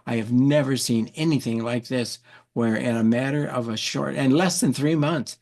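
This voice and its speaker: A man's voice: mid-range voice, normal speed, a little mellow, lightly acted. A man voicing an insistent male family doctor in an urgent, pleading way. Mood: astonished.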